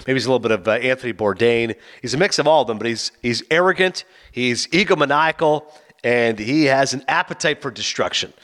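A man's voice: medium pitch, expressive, fairly bright tone. A man co-hosting a casual podcast, reviewing a movie and acting out the characters' lines. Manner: fast, chatty, acts out quotes.

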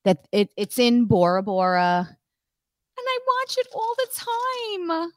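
A woman telling a story on a podcast in casual chat, animated and swearing often between bursts of laughter. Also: on the high side, slow, dry recording. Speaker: podcast co-host.

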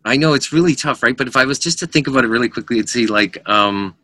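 A middle-aged man, a rock singer, telling animated stories in a casual podcast interview, acting out the voices of people in his anecdotes and laughing often. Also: mid-range voice, fast talker, no echo.

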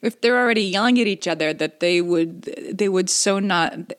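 A woman's voice: on the low side, moderate pace. A woman co-hosting a podcast, talking in a thoughtful, hesitant way with restarts. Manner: thoughtful, hesitant, soft laughs. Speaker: podcast co-host. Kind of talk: casual chat.

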